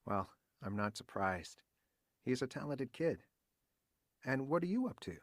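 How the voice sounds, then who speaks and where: A man's voice: mid-range voice, sing-song, unhurried, dry recording, clean studio sound. A polite American man with a cold. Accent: American English. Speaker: textbook dialogue character. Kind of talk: scripted textbook audio dialogue.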